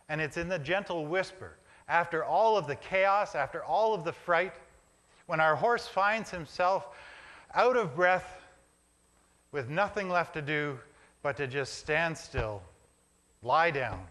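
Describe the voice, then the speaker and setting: A male pastor delivers a reflective sermon in a church, building images through short phrases he repeats. His voice sits a little high and carries a bright, forceful edge. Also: expressive, slow pace, long pauses. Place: church sanctuary.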